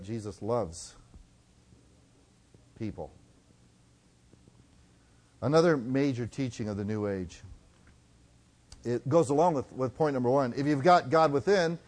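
Preacher guy, kinda high voice, goes loud then real soft, slows way down on verses. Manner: swings between loud and hushed, slows for scripture. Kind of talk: sermon.

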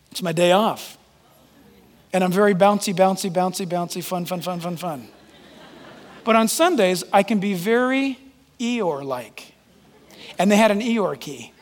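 A man's voice: sits high, long reverb tail. A man preaching a sermon as pastor, emphatic and joking, calling on listeners by name.

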